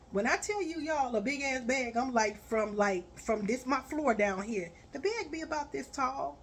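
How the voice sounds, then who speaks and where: A woman telling a story on a vlog, blunt and profane, building to loud, forceful rants. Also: high voice, expressive, moderate pace, few pauses, slight background noise.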